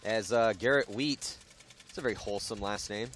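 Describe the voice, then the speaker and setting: A man's voice: fairly low pitch, moderate pace, fairly bright tone, slight background noise. A young adult man doing live play-by-play commentary on a paintball match, chatty and joking with his co-host between calls. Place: outdoors at a paintball field.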